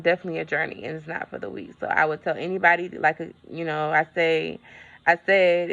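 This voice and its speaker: A woman's voice: lowish voice, creaky, fairly bright tone. A woman vlogger in a casual update, telling a story in a chatty way and talking straight to her viewers.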